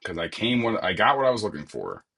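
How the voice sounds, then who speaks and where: Husky man chatting over gameplay. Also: fairly low pitch, huge pitch swings, quick pace, sharp tone. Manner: joking, chatty, talks to himself while playing. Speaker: gaming streamer. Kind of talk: casual gameplay commentary.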